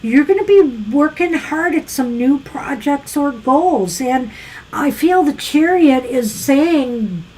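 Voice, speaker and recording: A woman's voice: high-pitched, expressive, takes it slowly, a little mellow, low-quality recording. A woman co-hosting a live tarot show, musing through a casual card reading with frequent fillers. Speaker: tarot reader co-host.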